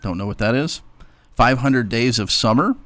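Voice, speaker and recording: A man co-hosting a sports radio show, chatting casually and briskly reading calendar items while teasing his co-host. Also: medium pitch, animated, fairly bright tone, dry recording.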